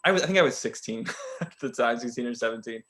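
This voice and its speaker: A male podcast co-host tells a story in a loose, chatty way, with an ordinary middle-pitched voice. He is animated and keeps breaking into laughter as the story goes on. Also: fast talker. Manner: animated, laughs often while telling a story. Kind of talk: casual chat storytelling.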